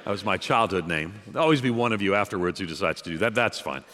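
A man's voice: low-pitched, expressive, quick pace, sharp tone. A man from outside New York City preaching a sermon as pastor, emphatic and repetitive, with joking asides. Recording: long reverb of a large hall.

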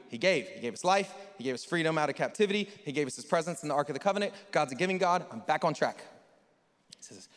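Male pastor, fairly high voice, dynamic sermon delivery, long hall reverb. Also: a little fast. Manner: animated preaching, voice rising loud then dropping quiet. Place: church sanctuary. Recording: large hall with long reverb, soft music behind.

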